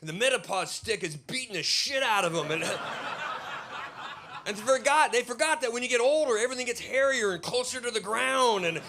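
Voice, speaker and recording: A man's voice: extremely high pitch, moderate pace, noisy background. An American man from Idaho in his fifties doing a stand-up comedy set on a club stage into a handheld mic, with a brash, profane, ranting delivery. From Idaho, USA. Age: 50s.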